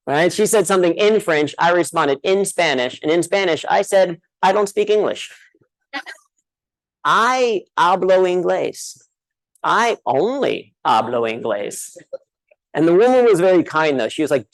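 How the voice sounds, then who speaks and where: A man from the United States with a somewhat high voice gives a conference keynote. He tells a self-deprecating story, checks in with the crowd and keeps tossing out "right?" as he goes. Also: poor audio. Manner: addresses a live audience directly. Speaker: conference speaker. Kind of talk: humorous keynote speech. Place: conference hall.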